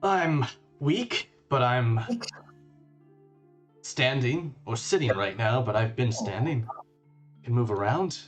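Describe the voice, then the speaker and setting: A man's voice: mid-range voice, expressive, takes it slowly, long pauses, faint music behind. A man voicing a weak, wounded young male shopkeeper who stammers and is winded as he talks. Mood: weary.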